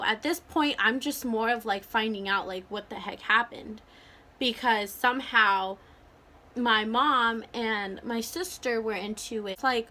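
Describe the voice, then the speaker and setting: A young woman in her vlog, chatting through a personal story with lively energy. Her voice sits a little high and sounds bright and sharp, peppered with "like" and quick acted-out bits of dialogue. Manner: animated, full of "like" and acted-out quotes. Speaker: vlogger. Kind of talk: casual storytime chat.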